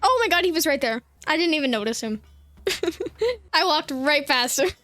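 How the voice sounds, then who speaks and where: A woman's voice: high voice, big pitch swings, normal speed, fairly bright tone, no room sound. A young woman giving playful, giggly commentary while playing a video game. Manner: giggly and playful, often laughing. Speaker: gaming streamer. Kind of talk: casual gameplay commentary.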